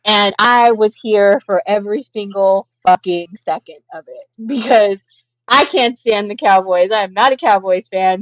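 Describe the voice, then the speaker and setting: A woman co-hosting a pop culture podcast, telling a story in an animated, profane way. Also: medium pitch, unhurried, muffled recording. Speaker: podcast co-host. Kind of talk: casual pop culture chat.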